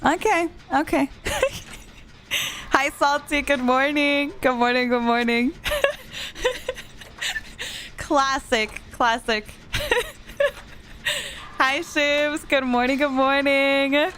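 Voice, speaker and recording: A woman's voice: high voice, fairly even intonation, unhurried, few pauses, slight background noise. A young woman streaming a game, chatting casually and teasingly with her viewers and laughing often. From Spanish-speaking background. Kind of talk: casual live-stream chat. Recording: soft music playing behind.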